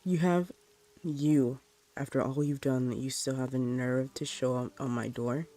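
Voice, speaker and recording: A man voicing a grieving mother who is sharp with her neighbor and soft with her son. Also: mid-range voice, fairly even intonation, a little slow, natural voice. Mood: bitter.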